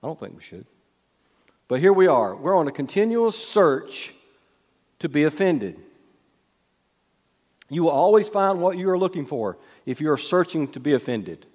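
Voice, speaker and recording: A man's voice: on the high side, very animated, normal speed, long pauses, a little mellow. A man preaching as a pastor, telling a story in a casual sermon and teasing the congregation with questions. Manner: conversational, teasing the audience with questions. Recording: long reverb of a hall.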